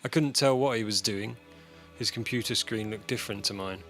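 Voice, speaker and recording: A man's voice: lowish voice, a little fast, a bit bright. A man reading a personal short story aloud in a dry, matter-of-fact way. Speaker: story reader. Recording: music bed under voice.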